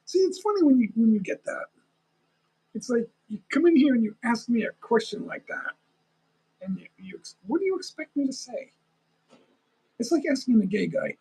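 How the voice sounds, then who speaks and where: A man's voice: extremely high pitch, sing-song, moderate pace, gravelly, long pauses, a little mellow, breathy edge, rough recording. A man chatting casually on a live stream, rambling and talking straight to his viewers. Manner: rambling, talks to viewers, chuckles often.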